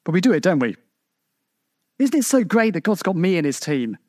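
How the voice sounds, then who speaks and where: A man preaching a sermon, emphatic and full of rhetorical questions to his congregation, with sharp swings in pitch for emphasis. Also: sing-song, a little fast, no echo, studio quality.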